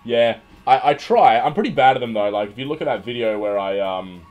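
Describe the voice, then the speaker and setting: A man's voice: medium pitch, lively intonation, fairly quick, darkish tone, highs cut off. A young man with an Australian accent, hosting a livestream and chatting casually, joking and rambling with many restarts. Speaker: livestream host. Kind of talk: casual livestream chat reading viewer comments. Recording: faint music behind. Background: faint background music.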